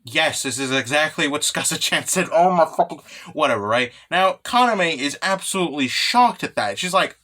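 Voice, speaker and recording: A man giving a casual comic recap, excitable and rambling, swearing with lots of fillers. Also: on the high side, normal speed, few pauses. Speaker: manga recap vlogger.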